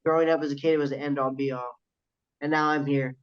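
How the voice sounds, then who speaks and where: Young man, slightly high voice, animated storyteller, swears a lot, dull lo-fi sound. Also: fast talker, smooth. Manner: animated storyteller, swears freely, quotes others in his story. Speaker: guest, professional wrestler. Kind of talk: casual podcast storytelling. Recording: dull lo-fi audio.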